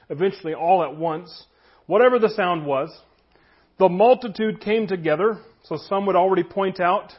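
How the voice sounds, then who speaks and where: A man's voice: high-pitched, dull audio. A pastor preaching a conversational sermon, reading scripture aloud and telling stories to his congregation. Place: church room with congregation.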